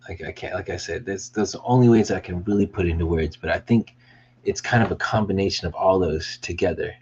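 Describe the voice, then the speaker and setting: A man's voice: deep voice, fairly quick, lo-fi sound, slight background noise. A man rambling casually on a behind-the-scenes vlog about his business merch, hyped and swearing now and then. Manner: rambling, hyped, swearing, bursts into excited yelling. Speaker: small business owner showing merch.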